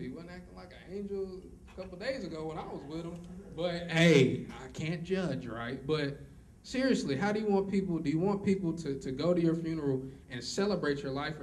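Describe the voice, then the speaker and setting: A man's voice: mid-range voice, darkish tone. A man delivers a motivational talk at a college event. He hammers his points home with preacher-like repetition and slips in joking asides. The mic sits at a distance, and a faint hiss runs underneath. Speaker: motivational speaker. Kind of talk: motivational speech.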